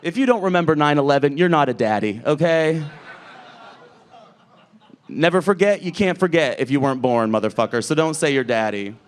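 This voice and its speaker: A man's voice: on the high side, animated, a little fast, clear, resonant tone. A man hosting a drag comedy show, doing stand-up crowd work on a club stage in a brash, profane way as he teases the audience.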